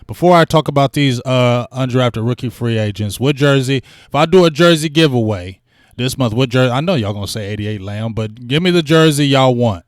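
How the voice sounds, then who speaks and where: In studio-quality audio with no room sound, a medium-pitched man runs a sports talk livestream. He's casual and animated, full of slang, and keeps pumping up viewer donations.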